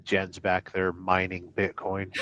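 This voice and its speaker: A man's voice: low voice, monotone, slow pace, fairly bright tone, no room sound, dull audio. A man chatting on a live stream, wry, offering tips and teasing asides. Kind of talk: casual chat on a live stream.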